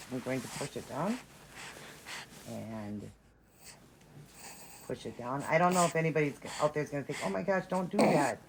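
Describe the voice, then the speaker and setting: A woman's voice: rumbling low, noisy background. A woman chatting to her viewers as she grooms and dresses a doll, gushing and chatty. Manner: gushing, chatty, talks to viewers while working. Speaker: reborn doll vlogger. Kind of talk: casual show-and-tell narration.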